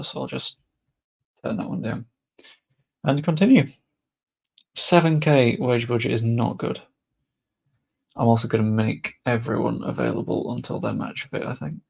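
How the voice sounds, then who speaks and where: Young guy, gravelly voice, mutters casual game commentary, swears offhand. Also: medium pitch, darkish tone. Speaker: gaming streamer.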